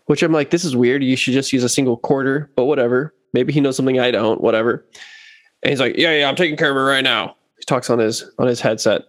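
A man in casual chat, telling a long story about a gig and acting out what others said in lively quoted voices. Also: mid-range voice, fast talker, no echo, clean studio sound. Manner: animated, acts out quotes of others. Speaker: bass player telling a story.

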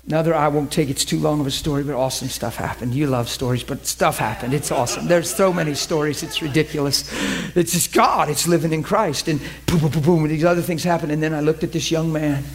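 A male preacher telling a story in a sermon, acting out the dialogue and dropping to an intense hush. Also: fairly high pitch, fast talker, few pauses, low-quality recording. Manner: animated, acts out dialogue, drops to an intense hush.

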